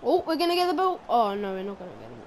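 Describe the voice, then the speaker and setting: A woman commentating her own football video game, pleading with players and shouting and cheering at goals. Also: medium pitch, huge pitch swings, very fast, slight background noise. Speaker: gaming video host. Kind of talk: excited live gameplay commentary. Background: game music.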